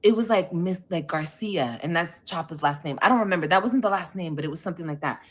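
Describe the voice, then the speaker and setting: A woman's voice: fairly low pitch, quick pace. A woman hosting a livestream podcast, telling a story casually, with plenty of profanity, and acting out the things other people said. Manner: animated, profane, acts out quotes.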